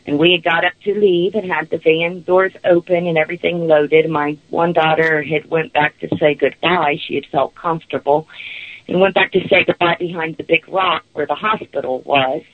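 A woman's voice: sits low, fairly even intonation, moderate pace, dry recording. Rambling woman caller, nervous laughs, dull lo-fi phone line, dry sound. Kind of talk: telling a personal story.

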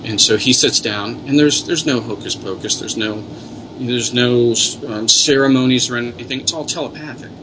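A man's voice: mid-range voice, moderate pace, noisy background. A man, a paranormal investigator, telling earnest, rambling stories in a casual interview. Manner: earnest, rambling storyteller with many restarts.

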